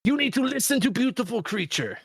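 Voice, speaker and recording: Man putting on a goofy scolding character, shrill shouted bursts, very high-pitched, close dry sound. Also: very animated, fairly quick, breathy edge, no echo, heavily acted. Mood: bellowing. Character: loud goofy male character scolding kids.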